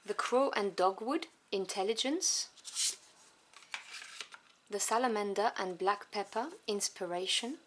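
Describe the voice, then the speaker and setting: A woman whose first language is French, reviewing tarot cards one by one. She lists each card softly and without hurry, adding fond little asides. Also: mid-range voice, a little hiss or hum. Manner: soft, unhurried listing with fond asides.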